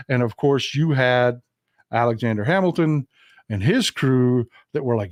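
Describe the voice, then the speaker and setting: Folksy man, animated commentary. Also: medium pitch, measured pace, no echo, clean studio sound. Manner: folksy, animated, mocks historical figures in quoted voices. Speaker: political livestream host. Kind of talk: casual political commentary.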